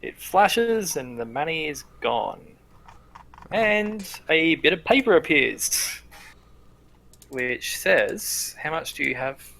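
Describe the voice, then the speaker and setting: A man narrating as dungeon master in a tabletop game, laughing often and talking quickly with fillers. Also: fairly high pitch, lively intonation, vocal fry, bright, forceful tone. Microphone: home mic on a livestream.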